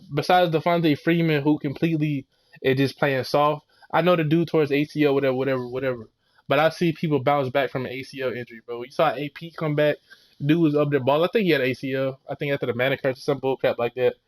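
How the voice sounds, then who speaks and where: Heated young man ranting about football. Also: a little high. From Florida. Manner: heated, exasperated ranting with slang and mock quotes. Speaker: sports vlogger. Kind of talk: ranting sports recap.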